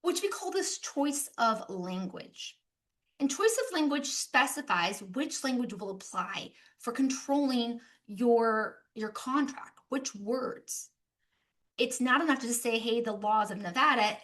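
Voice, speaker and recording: A young American woman giving an animated business presentation, mixing practical points with playful travel stories. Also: a little high. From United States. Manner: lively, animated storytelling with playful asides. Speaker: speaker at a business session. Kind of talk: presentation talk.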